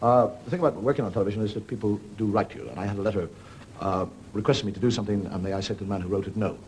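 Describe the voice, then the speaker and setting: A man's voice: lowish voice, rapid-fire, darkish tone, a little hiss or hum. A middle-aged man hosting a television comedy show, telling wandering, dry anecdotes in front of a studio audience. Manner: dry, wandering anecdotes with put-on voices for characters. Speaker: comedian host. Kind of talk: stand-up storytelling monologue.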